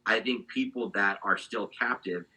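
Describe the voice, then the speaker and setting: A man being interviewed, giving an animated, candid account of his own past. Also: on the low side, normal speed, slightly rough, low-quality recording. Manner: animated storytelling, gets fired up. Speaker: interview guest.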